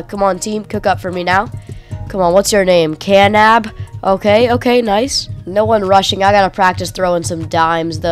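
A woman commentating her own football video game match in a slangy, excitable way, her pitch leaping around between quiet mumbles and sharp shouts. Faint game music hums behind her. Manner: excitable, slangy play-by-play, swings from mutters to yelps. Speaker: gaming YouTuber. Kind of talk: live gameplay commentary.

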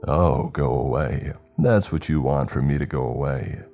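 A man's voice: rumbling low, unhurried, creaky, mellow, full character voice. A man voicing a childish, growly demonic entity that mocks and teases, over faint music. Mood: taunting. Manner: mocking, teasing.

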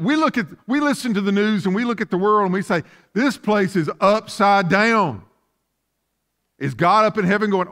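High-voiced fervent preacher. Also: male voice, bright, forceful tone. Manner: fervent preaching with rhetorical questions. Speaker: pastor. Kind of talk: sermon.

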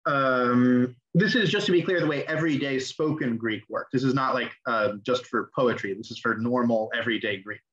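A man's voice: medium pitch, normal speed, few pauses. Chatty young man teaching online, lo-fi sound. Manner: relaxed and chatty, many ums and restarts. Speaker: class teacher. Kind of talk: casual online lecture.

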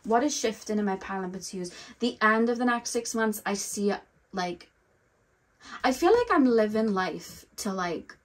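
A woman's voice: mid-range voice, expressive, moderate pace. A young woman giving a casual tarot reading, talking in a loose, rambling way and often saying "like" and "I feel like". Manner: rambling, heavy use of "like" and "I feel like". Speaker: tarot reader.

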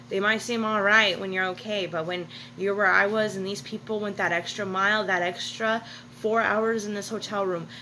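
A woman's voice: mid-range voice, sharp tone, a little hiss or hum, low-quality recording. Blunt, profane woman telling her story. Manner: blunt and profane, with self-corrections. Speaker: vlogger. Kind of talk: casual storytelling monologue. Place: hotel room.

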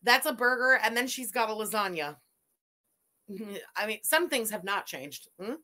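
A woman's voice: on the high side, expressive, moderate pace, bright, forceful tone. A woman host giving sarcastic, disgusted reaction commentary over a video.

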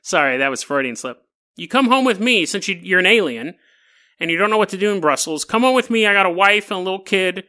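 A man voicing an excitable, lovestruck man who rambles eagerly with laughs. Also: high-pitched, fast. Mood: pleading. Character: excitable lovestruck man telling his story.

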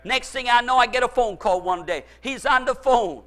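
A male preacher with a strikingly high, bright and forceful voice, delivering a sermon. He hammers his points through repetition and personal stories. He sounds middle-aged and sure of himself. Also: normal speed. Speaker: pastor.

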